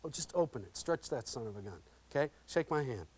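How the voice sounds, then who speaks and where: A man running a live workshop on interview skills, speaking in an ordinary mid-range voice. He is animated and folksy, acts out little scenes for his listeners and checks with them after nearly every point. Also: mid-range voice, quick pace, a little hiss or hum. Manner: lively and interactive, checks in with "okay?" constantly. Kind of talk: live workshop talk with role-play demonstrations.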